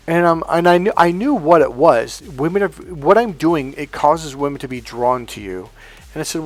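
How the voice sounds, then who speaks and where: A man's voice: on the high side, quick pace, faint music behind. A man coaching on dating, telling a story in a casual monologue, swearing bluntly and acting out what people said. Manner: blunt and profane, swearing often; animated, acting out quotes from a story.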